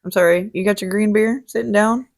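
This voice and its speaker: A woman's voice: mid-range voice, steady tone, brisk. A woman hosting a casual vlog, talking in a jokey, salty way and swearing freely. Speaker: host. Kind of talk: casual chat.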